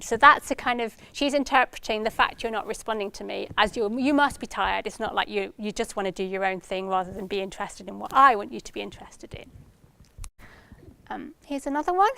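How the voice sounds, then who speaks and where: A woman's voice: a little high, a little fast, vocal fry, bright, forceful tone, smooth. A woman giving a research talk to practitioners, explaining with examples and acting out parents' words. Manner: explanatory, gives examples and acts out parents' lines in a lifted voice. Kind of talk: lecture to practitioners.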